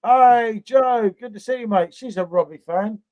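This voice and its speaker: A man's voice: high voice, normal speed, dry recording, highs cut off. A man hosting a casual live stream, matey and blokey, swearing freely as he chats. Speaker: livestream host.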